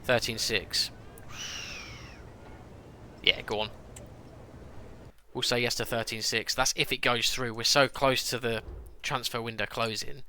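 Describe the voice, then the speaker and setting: A young man streams a football management game, chatting to viewers, thinking aloud, ranting and exclaiming as he reacts. His mid-range voice is bright and forceful, with fairly even intonation, a measured pace and long pauses. A slight hiss or hum sits under the recording.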